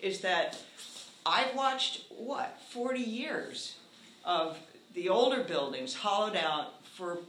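An older man telling a housing story at a community meeting, animated, earnest and wry. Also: high voice, slow pace, slight background noise. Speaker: housing activist speaker. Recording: echoey room.

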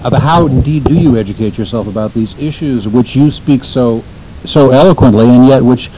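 A man hosting a talk radio show, asking a guest measured, formal questions. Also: medium pitch, warm tone, a little hiss or hum, rough recording. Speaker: radio host.

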